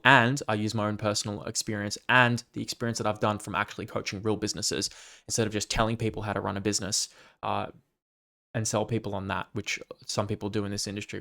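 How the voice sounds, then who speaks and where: A man's voice: lowish voice, creaky, a bit bright. A man hosting a casual monologue podcast, talking in a blunt, profane and rambling way about his coaching business. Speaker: fitness coach and podcast host.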